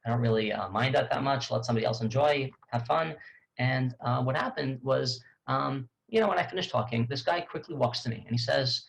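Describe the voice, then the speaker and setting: In a low-quality recording, a man working as a tour guide animatedly retells a story in a creaky, gravelly voice at a middle pitch. He keeps it conversational and lively despite frequent restarts, repeated words, and halting delivery.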